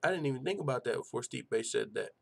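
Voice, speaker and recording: Hosting a casual live stream, a man reads out chat in a profane, excitable way packed with rhetorical questions. He talks fast in a medium-pitched, creaky voice.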